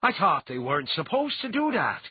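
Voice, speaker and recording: Guy doing a blunt loud clan chief, husky and lively, storybook voice, dull sound. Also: a little high, normal speed, voice pushed up, exaggerated voice. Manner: blunt, hearty. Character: gruff blunt clan chief, reformed drinker. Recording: dull lo-fi audiobook recording.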